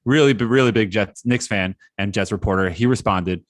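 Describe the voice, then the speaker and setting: A man's voice: fairly low pitch, brisk, no echo. A laid-back male podcast host, chatting casually and laughing easily. The recording is dry and close. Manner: relaxed, laughs often, reads out listener tweets. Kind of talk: casual chat.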